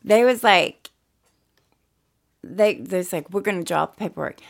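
A middle-aged woman co-hosting a podcast tells a story bluntly and profanely, voicing each person in it during an animated storytelling chat. Her voice is lowish and creaky, at a moderate pace.

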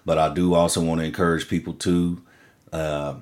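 Low-voiced guy cussing and joking on a chill podcast. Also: level tone, moderate pace. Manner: profane, laughing, loose storytelling. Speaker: podcast co-host. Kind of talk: casual podcast chat.

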